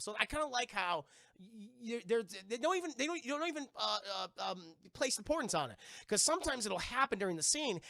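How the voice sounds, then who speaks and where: A man streams a live review of a cartoon episode, retelling scenes with lots of swearing, acting out the characters' lines, and talking directly to his chat. His voice is high-pitched and creaky, recorded at studio quality with no echo.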